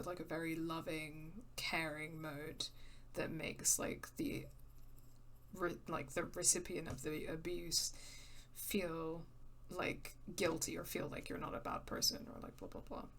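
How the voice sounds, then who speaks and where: Woman streamer, casual game commentary, unhurried, rambling with fillers, bright tone. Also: on the low side. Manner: rambling, filler-heavy, laughs often.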